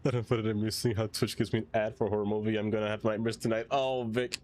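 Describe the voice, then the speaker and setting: A man's voice: lowish voice, level tone, fast talker, a little mellow. A man streaming a city-building game, chatting casually with viewers, singing along and joking. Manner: playful, singing along and doing silly voices. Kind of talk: casual gameplay commentary.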